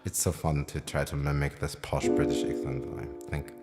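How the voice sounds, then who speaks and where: A man's voice: very deep voice, normal speed, long reverb tail. A man giving a casual livestream piano lesson at home late at night, rambling and thinking aloud with lots of fillers. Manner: self-described as loud when excited. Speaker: piano teacher streaming live. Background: piano playing.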